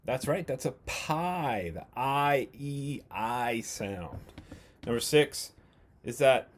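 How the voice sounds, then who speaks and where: A first grade teacher giving a remote phonics lesson from home, speaking slowly and clearly, sounding out letters and asking playful either-or questions. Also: male voice, medium pitch, animated.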